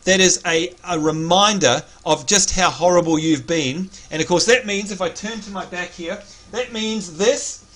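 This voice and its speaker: A man's voice: high voice, moderate pace, hardly any pauses, a bit bright. An Australian man hosting a live game stream, chatting casually and reading out viewer names in an upbeat way. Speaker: stream host.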